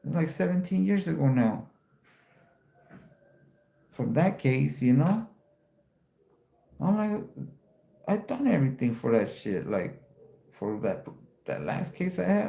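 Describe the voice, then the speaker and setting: A man with a rough, gravelly voice and a dark, mellow tone chats loosely with his livestream viewers. He tells a profane story and jumps his pitch up whenever he acts out his own disbelief. The sound is roomy and echoey. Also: sing-song, takes it slowly, pauses often. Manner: profane storytelling, voice jumps up when quoting himself. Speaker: livestream host. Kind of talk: casual livestream chat.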